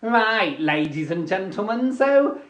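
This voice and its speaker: A man's voice: sits high, very animated, slow pace, a bit bright, echoey room, lo-fi sound, voice pushed up, exaggerated voice. A man voicing a bossy, chirpy woman who runs a speed-dating night.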